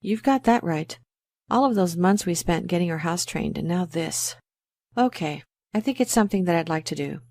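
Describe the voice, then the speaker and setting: A chatty, anxious dog owner in an exam listening recording. She talks in a low-pitched voice over a dry studio sound with no room around it. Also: expressive, normal speed, a little mellow, no echo. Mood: talkative worried. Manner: chatty, fretful, a little embarrassed. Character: worried woman dog owner. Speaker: pet owner in a scripted exam dialogue. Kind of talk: scripted exam role-play.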